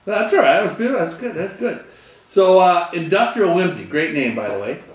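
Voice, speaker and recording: A man interviewing, speaking in a relaxed, encouraging way. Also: sits high, brisk. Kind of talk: casual interview. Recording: roomy, distant from mic.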